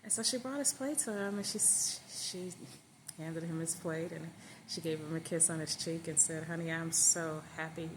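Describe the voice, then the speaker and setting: A woman telling a story aloud in a relaxed, conversational way. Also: low-pitched, moderate pace, noisy background. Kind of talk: casual spoken storytelling.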